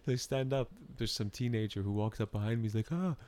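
A man telling a story in casual chat, animated and often breaking into laughter. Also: lowish voice, fast talker, very noisy.

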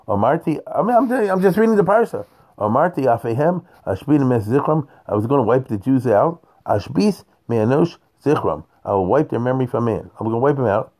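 Mellow-voiced man teaching a chatty scripture class. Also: mid-range voice. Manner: digressive, chatty, checks in with listeners; chuckles between points. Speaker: Torah teacher.

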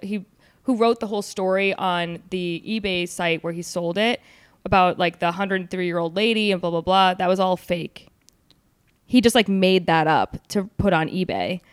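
A woman's voice: lowish voice, clean tone, dry recording, clean studio sound. A woman hosting a casual chat, reading out stories in a loose, joking way with fillers and asides. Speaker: podcast host.

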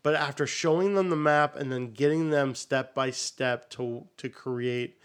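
Animated male teacher telling classroom stories. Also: medium pitch, unhurried, clear, resonant tone. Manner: animated storyteller, acts out what students say. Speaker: teacher and podcast co-host. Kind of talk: casual podcast chat.

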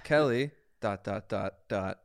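A man's voice: fairly low pitch, slow, gravelly, dry recording. A man co-hosting a casual podcast, reading listener comments aloud. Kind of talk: casual chat.

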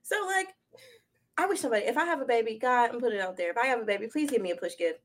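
Casting: young woman, high voice, slangy, animated gossip co-host. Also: racing. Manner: animated, slangy, laughs often. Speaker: podcast co-host. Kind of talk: casual gossip chat.

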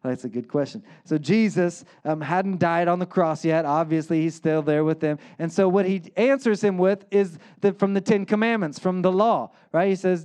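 Guy pastor preaching, kinda high voice, chatty, keeps saying right?. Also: moderate pace, hardly any pauses, a little mellow, clear, resonant tone. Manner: conversational, asks "right?" often, acts out quotes. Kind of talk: sermon.

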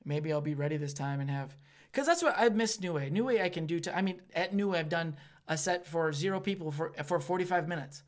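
A man in his thirties, a stand-up comedian chatting casually, who gets loud and excited and swears freely. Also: on the high side, brisk. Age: 30s. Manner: loud, excitable, swearing, acts out crowd voices. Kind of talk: casual podcast chat.

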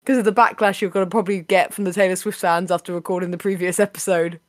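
A woman hosting a casual podcast, chatty and playful, her voice a little raspy today. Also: on the low side, steady tone, fast, no room sound, clean studio sound. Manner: chatty, playful, laughs often. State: slightly raspy voice. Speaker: podcast host.

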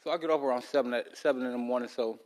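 A man's voice: mid-range voice, racing. A man hosting a podcast, telling a long story in a loose, rambling casual way, talking around a loose tooth. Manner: loose, rambling, with many fillers and restarts. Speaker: podcast host.

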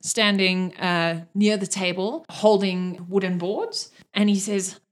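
A woman's voice: mid-range voice, steady tone, slow pace. A woman running a tabletop game as game master, describing scenes with many fillers.

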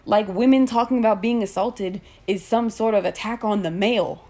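A woman delivering an angry, profane rant full of rapid rhetorical questions. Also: mid-range voice, dark tone.

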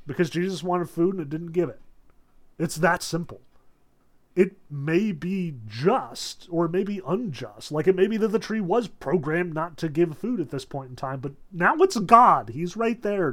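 Man, slightly high voice, casual Bible talk, chatty, lots of "like", quick dramatized asides. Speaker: Protestant speaker on theology. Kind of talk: casual spoken lecture on the Bible.

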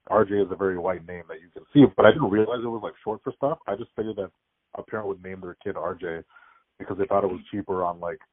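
Guest voice: fast, lower young man, tinny call audio, dry. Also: dry recording. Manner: rapid storytelling, frequent "like" fillers. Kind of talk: casual podcast chat. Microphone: remote call.

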